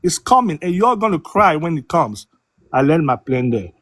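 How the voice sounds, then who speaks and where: A man's voice: a little high, big pitch swings, moderate pace, a bit bright, slight background noise. Emphatic man with a non-native lilt. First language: not English. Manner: emphatic, repeats himself, mocking sighs. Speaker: debate panelist. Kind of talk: heated panel debate.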